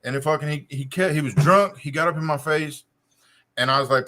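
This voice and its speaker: A man's voice: medium pitch, fairly quick, bright, forceful tone. A man telling a long profane story on a casual podcast, with a loose, drawling delivery. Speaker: co-host.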